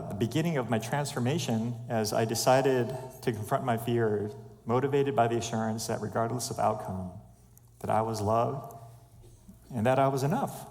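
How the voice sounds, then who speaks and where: A man giving an earnest, measured personal testimony at church, fighting back tears. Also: medium pitch, darkish tone. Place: church sanctuary. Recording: long church reverb.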